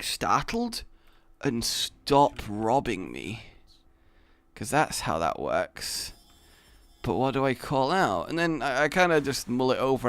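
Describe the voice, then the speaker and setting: Man, young, gaming commentary, animated storyteller, very lively up-and-down pitch, dry close mic. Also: clean tone, no echo. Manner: animated storyteller, acts out his sleepy self, laughs often. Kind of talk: casual anecdote over gameplay.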